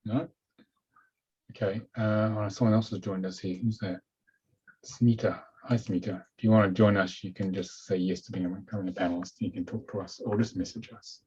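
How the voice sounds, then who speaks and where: Husky low-voiced New Zealand man. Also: brisk. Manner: relaxed, chatty, says "okay" a lot. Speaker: webinar host. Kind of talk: casual webinar talk. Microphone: computer mic on a video call. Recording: dull lo-fi video call audio.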